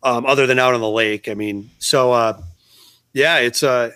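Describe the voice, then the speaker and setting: A man's voice: medium pitch, steady tone, moderate pace, sharp tone, smooth, dry recording. Rambling New man, dry close mic. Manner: rambling, frequent restarts, swears freely. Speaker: podcast co-host. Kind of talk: casual podcast chat.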